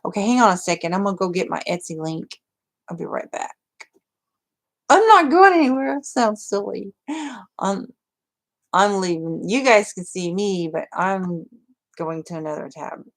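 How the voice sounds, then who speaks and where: A woman hosting a crafting livestream chats casually with her viewers in a fairly low voice at a moderate pace. Her talk rambles and is full of fillers.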